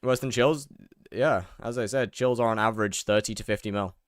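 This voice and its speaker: Young man, casual streamer chat, rambling, smooth voice, dry sound. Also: on the low side, brisk, no echo. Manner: rambling, repeats words, answers chat.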